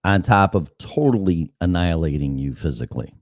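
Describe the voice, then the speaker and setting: Host, male, middle-aged: deep voice, swooping lively delivery, dry close sound, cusses freely. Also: fairly quick, no room sound. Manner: profane, rambling, animated storytelling. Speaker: show host. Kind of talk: casual monologue.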